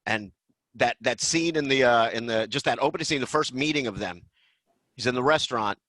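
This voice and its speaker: An excited man hosts a relaxed podcast talk about a film. He jumps into little acted-out bits as he goes. His voice sounds dry and close, with no room around it. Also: mid-range voice, no room sound. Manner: excited, acts out film lines in quick bursts. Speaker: podcast host. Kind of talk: casual movie discussion.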